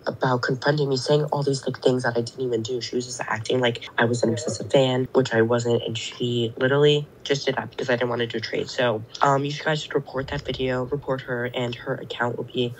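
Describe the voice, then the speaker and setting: A woman's voice: very deep voice, steady tone, brisk, hardly any pauses, slight background noise, rough recording. A woman guest telling a story casually, rambling and filling with "like". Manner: rambling, fills with "like". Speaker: guest friend.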